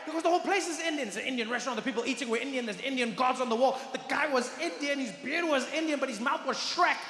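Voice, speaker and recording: A man, a comedian, telling a comic story in an animated, self-mocking way. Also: very high voice, quick pace. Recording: echoey hall, background noise.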